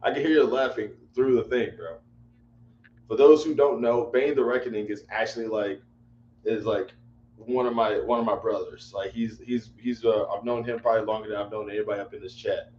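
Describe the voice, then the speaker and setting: A man's voice: lowish voice, fairly even intonation, a little fast, darkish tone. A man hosting a casual livestream chat, rambling and repeating himself in exasperation. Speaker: livestream host. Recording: echoey room, dull lo-fi mic, faint hum.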